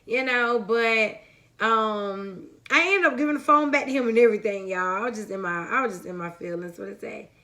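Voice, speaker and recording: A young woman with a fairly high, bright and forceful voice tells a personal story to her viewers. She rambles in a chatty way, fills gaps with "um," and keeps turning to her audience with "y'all.". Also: a little fast. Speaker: vlogger. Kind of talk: casual story time to viewers.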